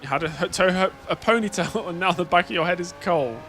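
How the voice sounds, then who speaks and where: A man's voice: sits high, fairly quick, fairly bright tone, slight background noise. A man streaming a racing game, chatting in a rambling, wry way. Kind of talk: casual live-stream chat while gaming.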